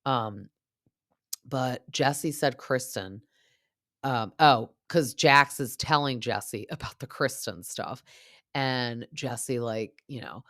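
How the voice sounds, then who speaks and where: A woman's voice: a bass voice, slow pace, fairly bright tone, no room sound, studio quality. A young adult woman hosting a podcast, chatting casually and rambling with lots of fillers. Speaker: podcast host. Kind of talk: casual recap chat.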